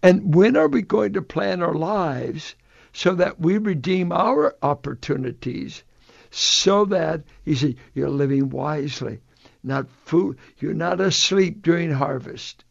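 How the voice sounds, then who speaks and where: A man's voice: fairly high pitch, lively intonation, slow, gravelly. A male pastor who is a guest on a Christian radio talk show, telling stories and jokes. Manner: storytelling, joking. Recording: lo-fi radio broadcast.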